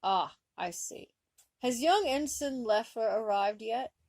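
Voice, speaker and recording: A woman voicing a stern older male starship captain in a put-on Gaelic accent, speaking slowly and formally. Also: on the high side, animated, darkish tone, no echo. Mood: dignified. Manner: slow, measured and formal.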